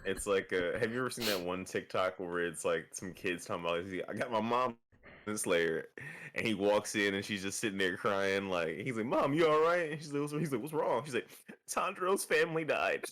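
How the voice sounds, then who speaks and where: A man's voice: deep voice, brisk, noisy background. A man co-hosting a casual chat show, laughing and acting out quotes as he retells scenes. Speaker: podcast co-host.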